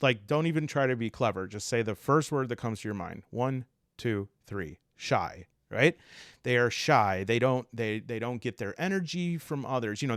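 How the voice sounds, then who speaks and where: Man, podcast host, casual explainer, animated and jokey, close dry mic. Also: mid-range voice, dry recording. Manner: animated, digressive, jokey, with asides and laughs.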